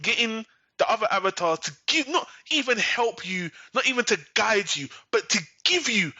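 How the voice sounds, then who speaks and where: A man with a high-pitched, sing-song voice hosts a podcast, recapping an episode at a moderate pace in a sarcastic, swearing, exasperated rant. His tone is bright and forceful, on a dry, dull lo-fi recording with no echo.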